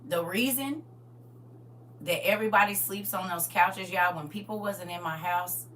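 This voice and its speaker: A middle-aged woman preaches through stories in a lively, teasing way, talking straight to the crowd and now and then bursting out loud. Her voice sits a little low but has a sharp, bright edge. The mic is set back from her, with a faint hum underneath. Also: moderate pace, far from the mic. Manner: lively and chatty, teasing the crowd directly, sudden loud outbursts. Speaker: speaker at a live church gathering.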